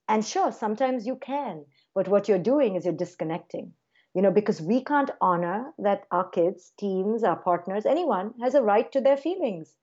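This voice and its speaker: A woman guest speaks in a relaxed, conversational way, and her voice sounds warm and mellow. She jumps up into lively little quoted voices as she talks. The recording is slightly muffled and lo-fi. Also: mid-range voice, normal speed. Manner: animated, acts out parent and child voices in quotes. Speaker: clinical psychologist guest. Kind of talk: conversational interview.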